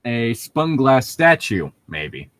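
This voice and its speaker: A man's voice: medium pitch, big pitch swings, slow, fairly bright tone. A man co-hosting a casual podcast, joking and riffing sarcastically while the group reads a book aloud. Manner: sarcastic, riffing, laughs often. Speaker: podcast co-host reading aloud.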